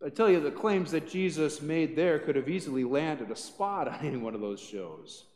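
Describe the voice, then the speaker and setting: A man pastor preaching a sermon with animated storytelling. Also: fairly high pitch, normal speed. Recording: echoey church hall.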